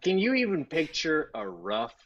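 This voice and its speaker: Man doing edgy stand-up with lively, bright delivery. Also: on the high side, normal speed, lo-fi sound, a little hiss or hum. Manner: deadpan, provocative, laughs at his own jokes. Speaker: stand-up comedian. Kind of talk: stand-up set on a video call. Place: Texas home. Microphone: video call.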